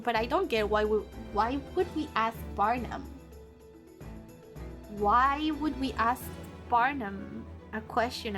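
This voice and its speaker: A woman streamer casually commenting on a game while she plays, chatty and quick to laugh. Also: fairly high pitch. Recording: game music playing behind.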